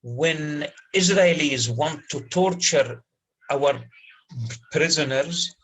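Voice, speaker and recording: Guy teaching a lit class, slow and kinda husky, keeps asking if u follow. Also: on the high side, a bit bright, poor audio. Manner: repeats key words, checks understanding with the class. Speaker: lecturer. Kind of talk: university literature lecture.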